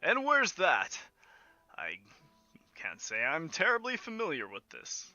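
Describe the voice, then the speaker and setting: A man's voice: fairly high pitch, huge pitch swings, pushed and bright, dry recording, pitched above the performer's own voice, full character voice. A man voicing a flamboyant, vain male bard who dotes on his lover, stretching out his lines theatrically. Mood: doting. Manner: theatrical, affectionate, drawn-out lines. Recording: muffled lo-fi audio.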